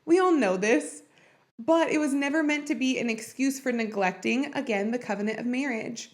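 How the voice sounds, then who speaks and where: A woman podcast host with a higher voice speaks at a moderate pace, offering earnest, heartfelt, and encouraging personal reflections on faith and marriage.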